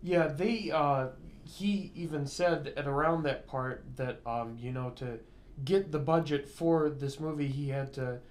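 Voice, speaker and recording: A man in casual, unscripted conversation about a film, halting with frequent ums and dry remarks. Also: a little high, a little mellow. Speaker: co-host reviewer. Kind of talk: casual unscripted movie review chat.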